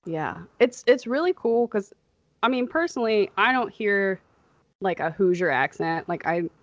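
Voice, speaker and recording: A woman's voice: medium pitch, expressive, dry recording, highs cut off. A young woman with a slightly nasal Chicago accent, co-hosting a podcast in casual, rambling chat. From American Midwest. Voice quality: somewhat nasal. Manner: rambling, laughs often, quick asides. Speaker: podcast co-host.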